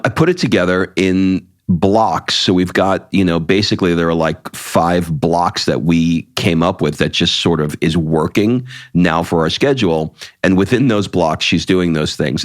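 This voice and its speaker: A middle-aged man with a very low voice talks in loose, candid podcast chat. He swears without a second thought and trips into restarts as he thinks aloud. The sound is close and dry, with no room around it. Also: measured pace, no room sound. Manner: blunt and candid, swears freely, often restarts his sentences. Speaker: podcast co-host. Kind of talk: casual chat.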